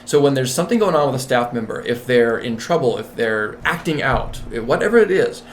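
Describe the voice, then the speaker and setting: A man's voice: medium pitch, animated, fairly quick, a little hiss or hum. Emphatic man, manager and coach. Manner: emphatic and repetitive. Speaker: nurse manager and executive coach. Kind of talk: interview.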